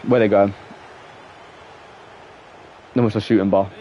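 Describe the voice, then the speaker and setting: A young man with an English accent rambles casually and reacts to the match while playing a football game on a live stream. His voice is on the low side, steady and measured, and the recording sounds dull and muffled.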